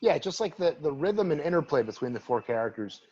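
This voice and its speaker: A man's voice: a little high, very animated, a little fast, dark tone, breathy edge. Male guest, keen detail-spotter, casual chat, slightly muffled lo-fi audio. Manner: enthusiastic, points out details he likes. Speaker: podcast guest. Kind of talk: casual comic book discussion.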